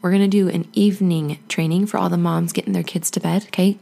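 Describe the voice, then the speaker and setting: A woman hosting her own podcast as a life coach, talking casually in a chatty, encouraging way with a husky morning voice. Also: on the low side, steady tone, quick pace, dark tone. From United States. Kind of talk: casual solo podcast talk.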